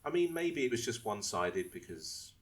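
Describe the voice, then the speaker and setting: A man's voice: mid-range voice, big pitch swings, normal speed. A man co-hosting a casual podcast chat, rambling through his points with many restarts. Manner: rambling, restarts and asks if he may speak. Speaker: podcast co-host.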